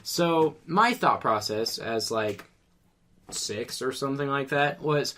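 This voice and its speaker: A man's voice: mid-range voice, lively intonation, slow pace, a bit bright. Rambling, cursing man telling a story. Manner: rambling, swears freely. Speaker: podcast guest. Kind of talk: casual storytelling.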